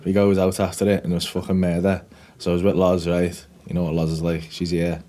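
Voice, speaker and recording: A man's voice: low voice, completely flat delivery, brisk, warm tone. A young British man, a comedian co-hosting a podcast, telling stories in casual chat, sweary and laughing often.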